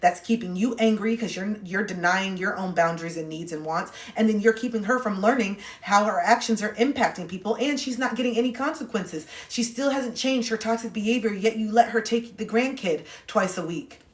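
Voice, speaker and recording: A woman's voice: mid-range voice, fairly quick, few pauses. A young adult woman giving advice on a phone livestream, talking bluntly, directly and with sarcasm. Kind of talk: casual livestream advice talk. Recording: roomy echo.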